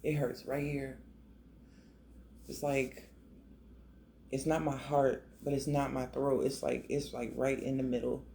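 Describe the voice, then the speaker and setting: A man with a gravelly, mellow voice gives a tarot reading in a loose, emotional, conversational way, often restarting his sentences. A faint hiss of background noise sits under his voice. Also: medium pitch, level tone, a little slow, long pauses. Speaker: tarot reader. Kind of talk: casual tarot reading to camera.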